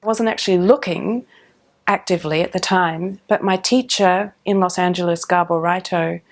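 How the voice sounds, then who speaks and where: A middle-aged woman tells her story in a relaxed interview. Her voice sits on the lower side, and she talks with many ums and small restarts. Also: moderate pace. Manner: warm, animated, with frequent ums and restarts. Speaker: professional orchestral cellist.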